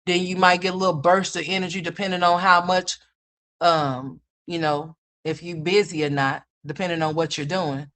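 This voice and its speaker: A woman's voice: on the low side, steady tone, normal speed, a bit bright. A woman in her fifties hosting a livestream, telling blunt, profane stories to her chat and laughing at her own jokes. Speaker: livestream host. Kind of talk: casual profane storytelling to a live chat.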